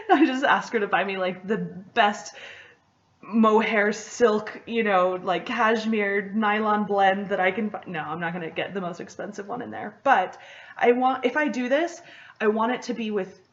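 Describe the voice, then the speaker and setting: A young woman hosts a knitting podcast, chatting casually in an excitable, rambling way and laughing often between thoughts. Her voice is medium-pitched and a little slow, and the audio sounds dull.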